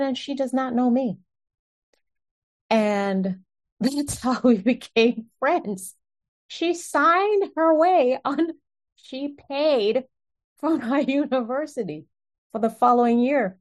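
A woman telling her own story in an earnest, animated way, often breaking into short laughs. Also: sits high, slow. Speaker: speaker sharing a personal testimony. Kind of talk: personal storytelling.

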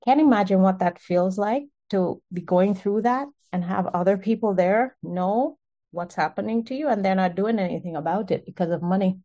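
A woman's voice: medium pitch, moderate pace, dark tone, lo-fi sound. A woman hosting an online prayer group, telling a testimony in a conversational, emphatic way over a video call.

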